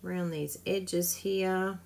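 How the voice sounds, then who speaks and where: A woman's voice: fairly low pitch, steady tone, slow pace, gravelly, a little mellow. A woman hosting a live papercraft tutorial, chatty and self-mocking, laughing often and gushing over her work as she demonstrates.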